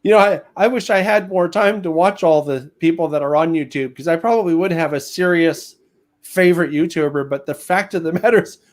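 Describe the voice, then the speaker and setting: A man with a fairly high voice talks briskly as a guest on a live stream. He's chatty and casual, laughing often while telling stories.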